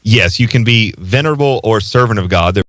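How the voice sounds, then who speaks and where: A man's voice: on the low side, expressive, a bit bright, dry recording. A man who is a priest, co-hosting a casual talk show, conversational and joking. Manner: conversational, quick jokes, frequent restarts. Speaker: priest co-host. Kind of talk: casual chat.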